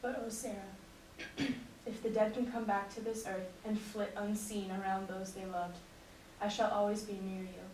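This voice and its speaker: A woman giving a class presentation and a dramatic reading of a letter, in an earnest, measured delivery. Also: mid-range voice, darkish tone. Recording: echoey room recorded from a distance, faint noise.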